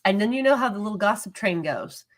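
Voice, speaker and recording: A woman's voice: mid-range voice, animated, fast talker. A middle-aged woman co-hosting a marriage ministry talk, sharing a candid testimony with passion and repeating phrases for emphasis.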